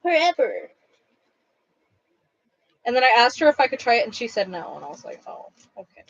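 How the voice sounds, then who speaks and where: A woman's voice: a little high, sing-song, rapid-fire, breathy edge, no echo, lo-fi sound. A woman who owns a craft shop, chatting casually on a livestream while she packs orders, rambling and blunt.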